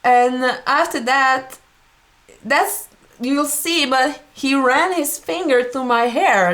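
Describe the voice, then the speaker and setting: A young woman artist reacting to an old video of herself, talking slowly with many pauses and laughs, moved and at a loss for words. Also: high-pitched, a bit bright, a faint crowd. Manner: slow, halting, laughs often, moved and speechless. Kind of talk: emotional reaction vlog.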